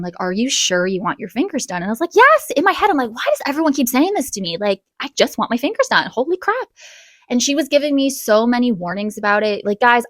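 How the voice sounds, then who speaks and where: A young woman telling a casual storytime vlog, chatty and animated, with quick bursts and gasps. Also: medium pitch, no echo. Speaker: vlogger.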